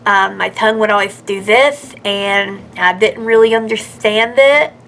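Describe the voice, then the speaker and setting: A woman's voice: medium pitch, unhurried, fairly bright tone, slight background noise. A woman in her mid-thirties telling her own story in a chatty, earnest way, with many fillers and restarts. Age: 30s. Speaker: vlogger. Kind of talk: casual personal storytelling.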